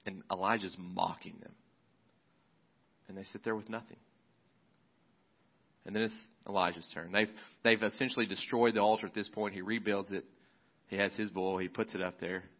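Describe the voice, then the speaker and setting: Male pastor, lowish voice, laid-back sermon retelling, slightly dull recording. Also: steady tone, moderate pace, long pauses. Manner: casual, conversational storytelling with fillers.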